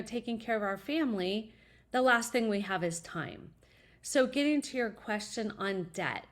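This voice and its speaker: A middle-aged woman, a college advisor, answering an interview question with earnest, upbeat personal stories. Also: on the high side.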